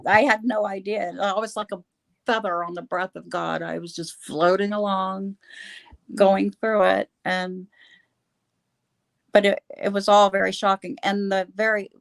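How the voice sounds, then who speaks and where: A woman guest on a live video chat, telling a personal account in a halting way, laughing often and restarting her sentences. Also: medium pitch, steady tone, vocal fry, no echo.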